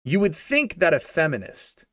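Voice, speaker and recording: A man's voice: on the high side, sing-song, normal speed, pushed and bright, dry recording, studio quality. A young man giving a sarcastic, slangy rant of a movie review, repeating himself for emphasis. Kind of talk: ranting casual movie review.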